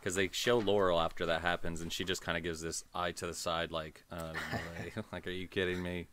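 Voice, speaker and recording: A man's voice: low voice, little pitch movement, fairly quick, fairly bright tone, a little hiss or hum. A man co-hosting a podcast, casually and sardonically recapping reality show episodes. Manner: sardonic recapping, laughs between lines. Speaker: podcast co-host.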